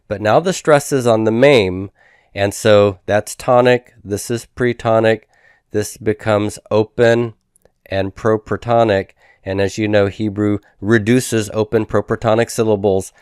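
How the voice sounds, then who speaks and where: A man's voice: lowish voice, steady tone, normal speed, a little mellow, clean tone, no room sound, studio quality. A man teaching a grammar lesson, patiently explaining and repeating each form. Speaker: Biblical Hebrew teacher. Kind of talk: recorded grammar lecture.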